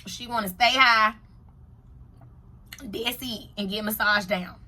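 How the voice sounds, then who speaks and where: A woman reviewing a TV show in a casual vlog, firing off blunt rhetorical questions, swearing freely as she tells a story. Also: mid-range voice. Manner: animated, rapid rhetorical questions.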